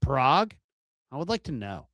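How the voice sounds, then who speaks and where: A male sports show host chatting through a live stream and answering viewer chat. His pitch swings widely as he muses aloud with rhetorical questions. The sound is dry and close. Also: big pitch swings, moderate pace, a bit bright, no room sound.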